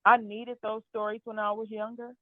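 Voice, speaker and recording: A woman guest in a casual conversation who speaks earnestly and with warm affirmation. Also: fairly high pitch, flat delivery, normal speed, no echo. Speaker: podcast guest. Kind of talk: casual chat. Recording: tinny phone-like remote line.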